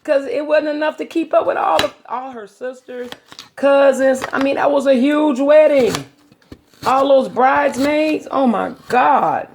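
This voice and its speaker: A woman's voice: high voice, a little slow, gravelly, darkish tone, a little hiss or hum. A middle-aged woman vlogging from her home kitchen, telling rambling stories in a chatty, casual way. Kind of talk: casual chat.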